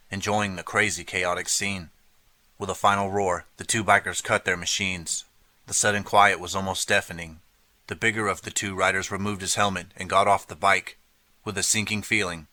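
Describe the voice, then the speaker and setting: A man narrating an audiobook in a steady storytelling manner. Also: low voice, no room sound. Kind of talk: scripted narration.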